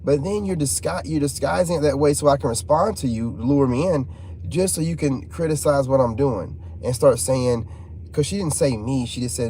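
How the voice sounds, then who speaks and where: A man delivers a passionate vlog monologue in a mellow, warm-toned voice. He talks in heated, rambling bursts, circling back with fillers and repeating his points for emphasis. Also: fairly high pitch, expressive, normal speed, a little hiss or hum. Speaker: vlogger.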